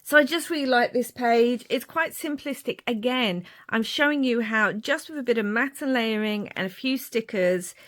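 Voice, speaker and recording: A woman's voice: on the high side, normal speed, few pauses. Woman, forties, casual crafting show-and-tell, rambling asides. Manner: chatty, rambling, warm asides. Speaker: crafting vlogger.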